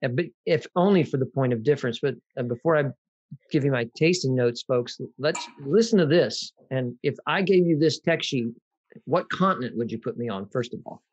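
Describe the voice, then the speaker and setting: A man with a medium-pitched voice hosting a wine tasting. He explains things in a relaxed, conversational way and turns now and then to speak to his listeners. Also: moderate pace, husky, highs cut off. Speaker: host.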